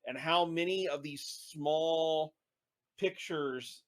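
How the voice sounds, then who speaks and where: A man's voice: fairly high pitch, slow. A man co-hosting a podcast, chatting casually about a film and often restarting his sentences. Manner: rambling, hesitant with many restarts. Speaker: podcast co-host. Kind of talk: casual movie review chat.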